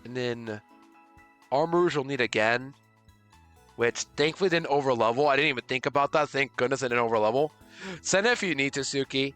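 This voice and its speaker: A male streamer with a bright, forceful voice, talking through a live game run. He is excitable, swinging between panicked outbursts and easy banter with chat. Faint game music plays behind him. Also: medium pitch, brisk, clean tone. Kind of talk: live gameplay commentary.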